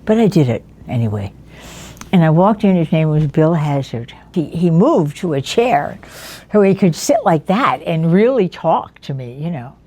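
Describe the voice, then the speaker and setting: A woman in her nineties telling the story of her life in an interview, lively and anecdotal, often chuckling as she recalls people. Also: low voice, normal speed. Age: 90s. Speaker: interviewee, veteran educator.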